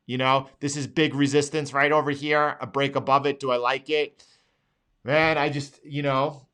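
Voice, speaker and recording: A man hosts a live trading show, going over charts one by one. His voice is bright and a little tense, and he leans hard on his points and says them again and again. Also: medium pitch. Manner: emphatic, pleading, repeats phrases. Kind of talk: live market analysis.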